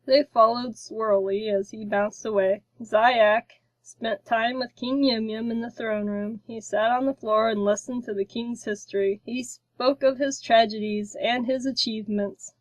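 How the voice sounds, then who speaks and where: A woman narrating a children's storybook in a slow, careful reading. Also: a little high, steady tone, no room sound, rough recording.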